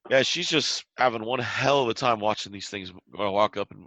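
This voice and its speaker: Low, gravelly game master narrating. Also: male voice, normal speed, sharp tone, no room sound, low-quality recording. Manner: descriptive, loose, with restarts.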